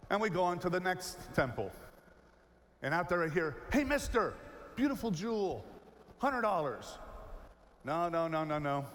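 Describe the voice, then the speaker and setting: A man in his fifties, a keynote speaker telling a story to a large audience and acting out its characters. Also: sits high. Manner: animated, acts out the characters in his stories. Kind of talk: storytelling speech. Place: large hall, on stage. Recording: long hall reverb, faint noise.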